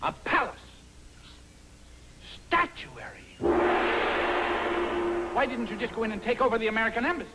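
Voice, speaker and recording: An actor playing a fretful army major in a 1950s film comedy, exasperated and easily rattled. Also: male voice, very high voice, lively intonation, normal speed, long pauses, very noisy.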